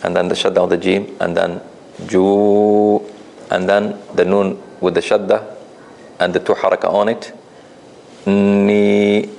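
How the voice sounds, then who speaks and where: A man's voice: fairly low pitch, flat delivery, measured pace, creaky, pauses often, a little hiss or hum. A man teaching a tajweed class, correcting students' recitation with patient explanations. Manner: gentle corrective explanations with light laughs.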